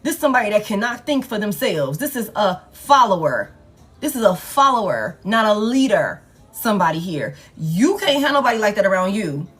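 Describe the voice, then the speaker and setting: A woman's voice: medium pitch, big pitch swings, a little fast, a bit bright, slightly rough. Blunt, exasperated woman reading tarot. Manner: blunt, exasperated, swearing, repeats phrases for emphasis. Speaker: tarot reader. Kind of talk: live collective tarot reading.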